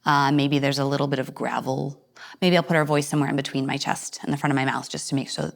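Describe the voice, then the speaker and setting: Lively woman teaching acting at home. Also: quick pace, vocal fry. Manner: demonstrates voices while explaining, with sudden high and low swings. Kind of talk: home acting lesson addressed to viewers.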